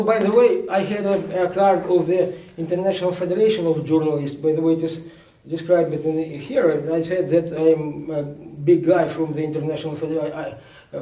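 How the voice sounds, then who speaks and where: A man, a journalist recounting events at a book presentation in a halting way, full of restarts. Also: fairly high pitch, mellow. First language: Ukrainian. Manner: halting, many restarts and fillers. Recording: echoey room, speaker far from mic.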